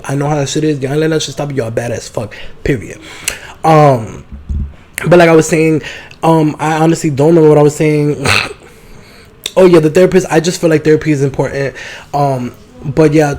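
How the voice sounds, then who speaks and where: A man hosting his own podcast, telling rambling, profane stories. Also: fairly high pitch. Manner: rambling, profane, animated storytelling. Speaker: podcast host. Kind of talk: casual solo podcast monologue.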